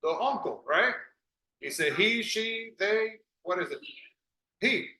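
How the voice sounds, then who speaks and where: A man's voice: high-pitched, lively intonation, slow pace, sharp tone, reverberant, low-quality recording. A man teaching an English class, patiently correcting students and drilling pronunciation.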